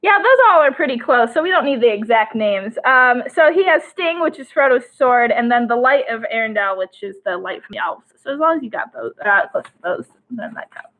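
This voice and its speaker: A young woman co-hosting a casual trivia live stream from home, chatty and giggly, reading questions out slowly. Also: a little high, expressive, a bit bright. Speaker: trivia co-host. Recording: tinny phone-like stream audio.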